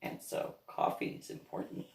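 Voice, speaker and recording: A woman's voice: moderate pace, darkish tone. A woman from New Jersey talking casually to her viewers, rambling through stories and often breaking into laughter. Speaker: vlogger, reverend. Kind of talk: casual monologue. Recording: roomy echo.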